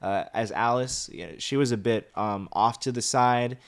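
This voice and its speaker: A man's voice: medium pitch, measured pace, clean tone. A young man co-hosting a casual movie review chat, rambling with many fillers as he explains his thoughts. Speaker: co-host of a movie review show.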